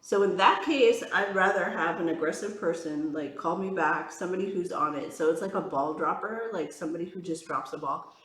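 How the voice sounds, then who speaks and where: A woman's voice: lowish voice, fairly quick, fairly bright tone, echoey room, low-quality recording. A woman tarot reader chatting casually on a vlog, rambling with lots of fillers, frank and exasperated as she talks. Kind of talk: casual chatty vlog while doing makeup.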